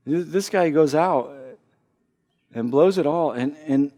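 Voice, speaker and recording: A man preaching a sermon as pastor, earnest, often repeating and restarting phrases as he builds to loud emphasis. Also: a little high, slow, pauses often.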